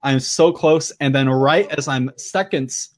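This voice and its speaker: A man's voice: medium pitch, unhurried. A man co-hosting a podcast, telling a long story in casual chat, often breaking into laughter. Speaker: podcast co-host.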